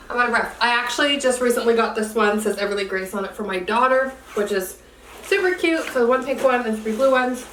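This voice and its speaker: Chatty mom vlogger, high voice, roomy. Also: female voice, far from the mic, slight background noise. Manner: chatty, upbeat, lots of fillers. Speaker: homemaking vlogger. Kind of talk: casual vlog narration. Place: home.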